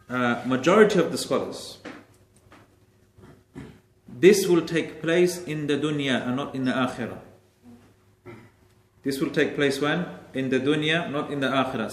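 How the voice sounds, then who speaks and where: Slightly high-voiced man teaching in an echoey room. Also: slight background noise. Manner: repeats key phrases for emphasis; explains Arabic grammar step by step. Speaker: Quran teacher. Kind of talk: Quran exegesis class.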